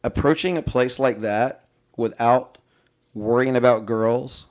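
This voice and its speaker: A man's voice: mid-range voice, a little slow. A young man, a podcast host, telling a long story in casual chat, full of swearing and fillers, and slipping into voices for the people he quotes. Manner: animated, profane storytelling, mimics people he quotes.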